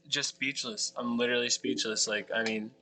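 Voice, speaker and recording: A man's voice: mid-range voice, moderate pace, sharp tone. A man playing a tabletop game, casually describing his character's actions in first person. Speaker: player.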